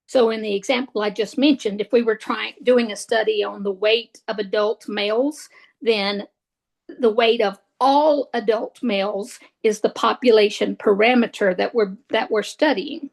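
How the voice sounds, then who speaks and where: A woman's voice: mid-range voice, fairly even intonation, moderate pace, gravelly, darkish tone, rough recording. A woman giving a recorded statistics lecture, hesitant, with many fillers and restarts. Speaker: statistics instructor.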